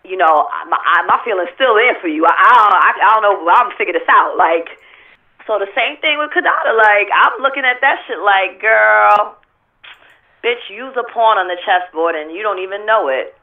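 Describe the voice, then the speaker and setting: A woman's voice: mid-range voice, normal speed. Blunt, profane woman on a tinny phone line. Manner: blunt, profane, animated storytelling. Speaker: interview guest. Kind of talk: candid interview talk.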